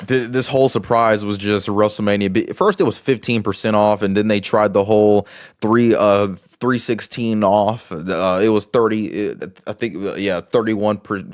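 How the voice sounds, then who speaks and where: A man's voice: fairly low pitch, fairly even intonation, moderate pace, no echo, clean studio sound. A man giving casual commentary as a wrestling show reviewer, rambling with many restarts and fillers.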